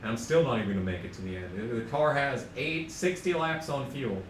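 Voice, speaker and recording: A man's voice: mid-range voice, expressive, a little fast. Profane, sarcastic young male streamer. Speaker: game streamer. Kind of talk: casual gaming commentary. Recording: echoey room, distant mic, faint noise.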